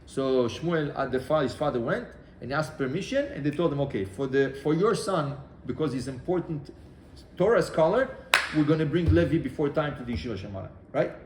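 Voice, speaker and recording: A man gives a Torah class, slipping into the voices of the people in his story with lively restarts. His voice sits a little high for a man. The room is echoey, with a faint hum of ambience behind him. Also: brisk. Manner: animated storyteller acting out dialogue, many restarts. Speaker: rabbi.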